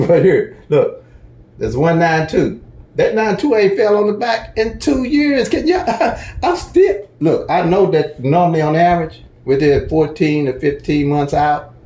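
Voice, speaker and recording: Chatty man with a mellow voice in an echoey room. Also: mid-range voice. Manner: folksy, chatty, repeats "okay?" to check in. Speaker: lottery strategy teacher. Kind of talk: casual tutorial walkthrough.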